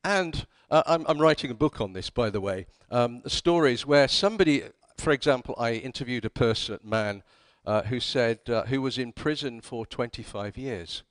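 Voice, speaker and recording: A man's voice: mid-range voice, expressive, moderate pace, clean tone, dry recording. Wry anecdotal male conference speaker. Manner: anecdotal, wry, acts out quoted dialogue. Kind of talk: storytelling conference talk. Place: conference hall.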